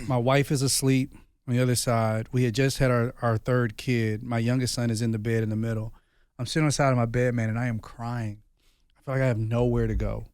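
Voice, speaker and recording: In a clean, echo-free studio recording, a man in his thirties who hosts a podcast and used to be a pastor tells personal stories candidly. His medium-pitched voice is smooth, a little mellow and brisk, with a flat delivery, and his earnest, confessional storytelling is peppered with "bro."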